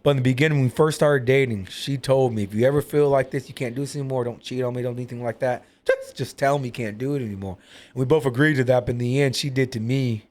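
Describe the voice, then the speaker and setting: A man's voice: medium pitch, steady tone, fast, darkish tone. A man talking openly as a podcast guest, rambling and full of fillers. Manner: rambling, filler-heavy, candid. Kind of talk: casual personal talk.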